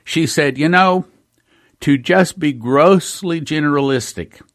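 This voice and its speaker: A man preaching an emphatic spoken sermon, repeating phrases and acting out the voices he quotes. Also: mid-range voice.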